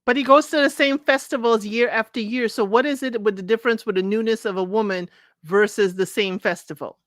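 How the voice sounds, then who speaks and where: A woman's voice: a little high, fairly even intonation, fairly quick, dry recording, clean studio sound. A woman co-hosting a podcast in casual chat, probing with follow-up questions. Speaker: podcast co-host.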